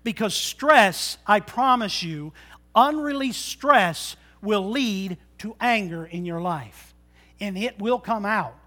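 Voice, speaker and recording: Animated high-voiced preacher, loud then soft. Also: male voice, takes it slowly. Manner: animated, joking preacher who swings between loud and soft. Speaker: pastor. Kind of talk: sermon. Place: church sanctuary.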